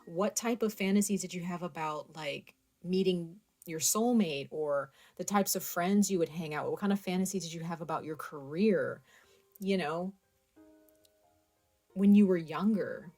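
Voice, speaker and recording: A woman's voice: lowish voice, normal speed, mellow, faint music behind. A woman giving a casual tarot reading, talking straight to her viewers with lots of fillers. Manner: chatty, speaks straight to viewers with many fillers. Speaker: tarot reader.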